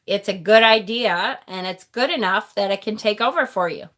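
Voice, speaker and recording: Bright-voiced chatty woman reading cards. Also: medium pitch, moderate pace. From Rochester, New York. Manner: chatty and affectionate, reads viewer comments aloud. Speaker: tarot reader and channel host. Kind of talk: casual live-stream card reading.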